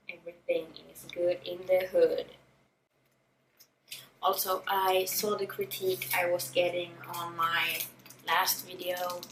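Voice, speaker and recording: A woman's voice: on the low side, a bit bright, roomy sound, far from the mic, a little hiss or hum, poor audio. A young woman from Sweden with a Swedish accent, chatting frankly as she does her makeup for a beauty vlog, swearing freely and laughing often. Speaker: beauty vlogger. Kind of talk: chatty get-ready-with-me vlog. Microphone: camera-mounted mic, a little far.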